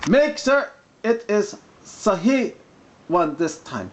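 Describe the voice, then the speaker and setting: A man voicing a combative online commenter in a put-on mock Arabic accent, with a high, strained voice. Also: very animated, slow pace, slight background noise, heavily acted. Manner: combative, lecturing. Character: mocking caricature of an argumentative male online commenter.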